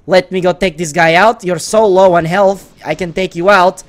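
A man with a hoarse voice giving exasperated, sarcastic, excitable commentary over his own gameplay. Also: high voice, moderate pace. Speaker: gaming channel host.

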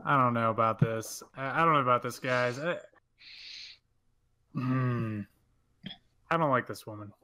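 A man's voice: mid-range voice, a little slow, long pauses, sharp tone, rough recording. A man playing a tabletop game, talking casually, hesitant and wary, often repeating himself. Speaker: player.

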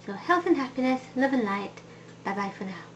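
A woman's voice: a little high, animated, a little fast. Woman, formal and courteous holiday greeting, muffled home recording with light noise. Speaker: family member. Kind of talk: polite greeting message.

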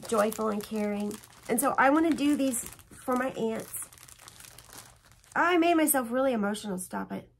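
With a fairly high, breathy-edged voice at normal speed, a woman hosts her own stitching vlog. She displays her projects at home while chatting in a rambling, emotional, show-and-tell way.

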